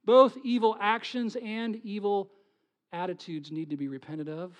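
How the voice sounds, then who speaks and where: A man with a high voice preaching a sermon to his congregation. He drops to hushed, almost whispered lines, then swells into loud, pleading passages. He keeps putting rhetorical questions to his listeners. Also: steady tone, moderate pace. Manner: dramatic swings from soft whispers to loud pleading. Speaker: pastor.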